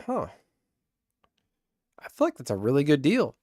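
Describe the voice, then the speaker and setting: A man streaming a card game live, chatting casually with viewers, excitable and swearing freely. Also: fairly high pitch, unhurried, no echo, studio quality.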